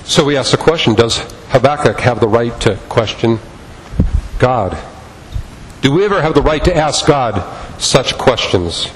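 A man's voice: mid-range voice, lively intonation, a little slow, pauses often, long reverb tail, slight background noise, poor audio. A man preaching a sermon as pastor, impassioned and repetitive in his cadence.

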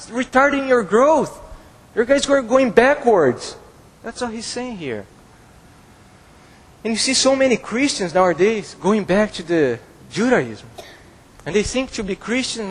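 A man's voice: extremely high pitch, breathy edge. A male pastor preaching a sermon, emphatic and repeating phrases for stress, in a church. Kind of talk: expository sermon. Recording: long hall reverb.

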